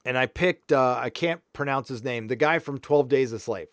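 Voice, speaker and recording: On his casual live stream, a San Diego, California host speaks frankly and meanders while reading comments aloud. His medium-pitched voice moves at a moderate pace, and the studio sound is clean with no echo.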